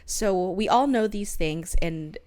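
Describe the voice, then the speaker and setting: A young woman with a mid-range, darkish voice and lively intonation takes her time in a dry recording. Co-hosting a casual book podcast, she reads quotes aloud, laughs a lot, and shares her theories.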